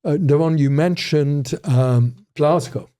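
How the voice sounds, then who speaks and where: A man's voice: a little high, slow, dark tone. An older man, a criminology professor, telling rambling stories with frequent restarts in a casual interview.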